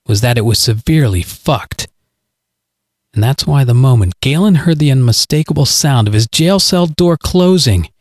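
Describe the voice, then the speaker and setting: Man narrating a dark story. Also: a little high, dry recording, clean studio sound. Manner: measured, dramatic storytelling.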